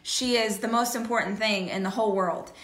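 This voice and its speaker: Bright chatty woman in an echoey room. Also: medium pitch, brisk. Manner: chatty, lively storytelling. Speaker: podcast co-host. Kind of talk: casual chat.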